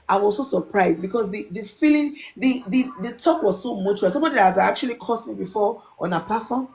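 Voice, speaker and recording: Animated woman on a live chat. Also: mid-range voice, brisk, creaky, hardly any pauses. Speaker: live stream speaker.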